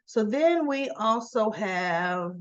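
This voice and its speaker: A woman's voice: mid-range voice, animated, slow pace, lo-fi sound. A woman casually recapping a soap opera episode, chatting through the scenes and retelling who said what. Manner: chatty, retells scenes with "she goes" quotes.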